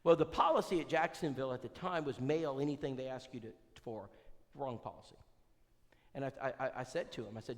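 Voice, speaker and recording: A male preacher leading an evangelism seminar, folksy and animated, quizzing his listeners. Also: on the high side, fast talker. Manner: animated, folksy, quizzes the audience, many restarts. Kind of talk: conversational seminar talk with storytelling. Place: church hall. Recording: reverberant church hall.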